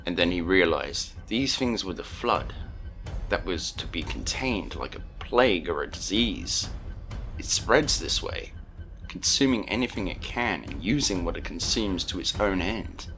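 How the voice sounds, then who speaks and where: A man reading an audiobook story as narrator, steady and earnest. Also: sits low, a little slow. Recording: narration over music.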